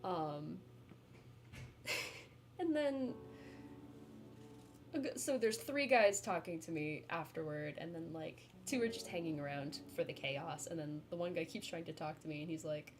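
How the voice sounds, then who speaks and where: A woman streamer telling a story to her chat in a chatty, animated way, laughing often and filling with "like". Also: on the low side, moderate pace, faint music behind. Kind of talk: casual storytelling to a live chat.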